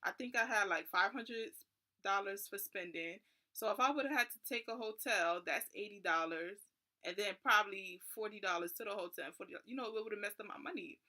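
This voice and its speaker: A woman's voice: medium pitch, fairly quick, pushed and bright. A young woman vlogger tells a personal story casually. She sounds nervous and keeps saying "like.".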